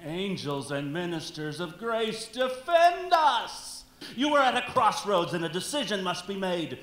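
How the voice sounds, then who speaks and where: A man's voice: high-pitched, very animated, a little slow, bright, forceful tone, reverberant, heavily acted. A man playing a grandiose old stage ghost. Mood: commanding. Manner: grandiose, declamatory, commanding. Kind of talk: amateur stage play.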